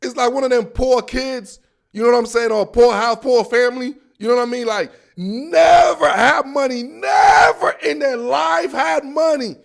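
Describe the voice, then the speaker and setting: A man hosting a sports podcast, ranting in a loud, rowdy, mocking way full of slang. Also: very high voice, moderate pace, gravelly. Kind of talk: animated sports rant. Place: near a team facility in the Seattle area.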